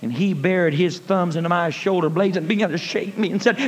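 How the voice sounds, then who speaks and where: High-voiced preacher with folksy storytelling. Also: male voice, fairly quick, heavy background noise. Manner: folksy, calls listeners honey, builds to shouted praise. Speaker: evangelist. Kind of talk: sermon storytelling. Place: church. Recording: long reverb of a church hall.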